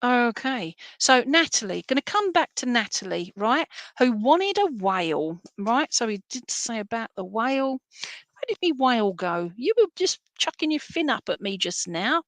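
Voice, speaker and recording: A woman's voice: on the high side, very animated, normal speed, no room sound. A woman giving chatty, reassuring psychic readings on a live stream, full of fillers. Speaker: psychic reader.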